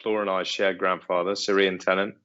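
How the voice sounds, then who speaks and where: A man's voice: sits low, flat delivery, a little fast, fairly bright tone, clean tone. A middle-aged man who owns an estate, answering interview questions in a hesitant way with many ums and restarts. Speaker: estate owner, interview guest. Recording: dull lo-fi sound.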